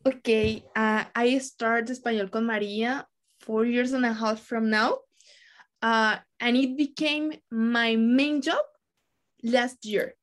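Lively Colombian woman telling her story. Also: on the high side, slow pace. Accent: Colombian Spanish. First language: Spanish. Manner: animated storytelling with frequent restarts. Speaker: language content creator, guest. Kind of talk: online panel interview answers.

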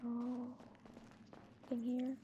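Playing through a scary game story, a woman improvises role-play narration, reacting breathlessly with frequent exclamations. Her voice is on the high side, monotone, very slow and dark-toned. The audio is dull, with a little hiss or hum.

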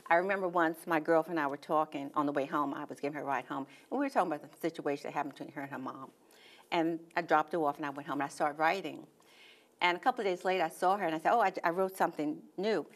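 Woman in her 60s, slightly low voice, plainspoken storyteller, interview guest. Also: very fast. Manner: plainspoken, anecdotal, acts out quoted speech. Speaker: guest poet.

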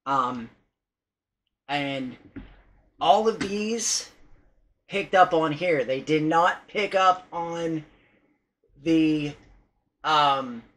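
A man's voice: fairly high pitch, fairly bright tone, poor audio. A man vlogging casually about paranormal recordings, rambling and hesitant, with many restarts and some swearing. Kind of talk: casual vlog talk.

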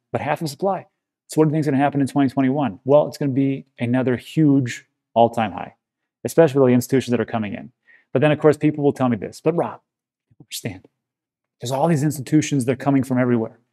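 A man's voice: mid-range voice, quick pace, dark tone. A man hosting a crypto channel, giving casual to-camera commentary in a conversational, reassuring way with frequent filler words.

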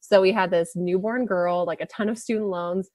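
A woman's voice: lowish voice, steady tone, normal speed, darkish tone, no room sound. A young woman from Wisconsin with a faint Upper Midwest accent, chatting casually as a guest and laughing often. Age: young adult. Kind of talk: casual conversation.

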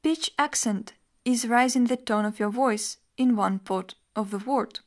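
A woman teacher reading a scripted lesson in an even, measured explanatory tone. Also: fairly high pitch. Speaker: language teacher.

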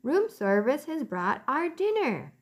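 A woman voicing an eager mother mouse in a storybook reading, high and breathless. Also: very animated, a little slow. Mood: happy. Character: fussy female mother mouse.

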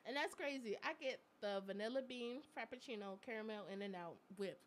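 A woman's voice: fairly high pitch, fairly quick. A young woman co-hosting a live chat stream, telling stories in a chatty way with slang and frequent laughter. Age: young adult. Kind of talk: casual chat.

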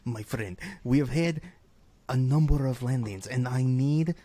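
A man doing a slow, accented professor. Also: medium pitch, dark tone, lightly acted. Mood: grave. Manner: slow, heavily accented, broken speech. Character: slow, grave male professor with a heavy accent. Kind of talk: improvised comedy sketch.

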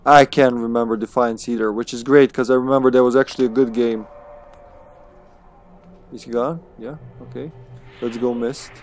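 A man's voice: medium pitch, steady tone, moderate pace, pauses often. A man streaming a video game live, chatting casually to himself with swearing and chuckles. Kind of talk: live gaming commentary.

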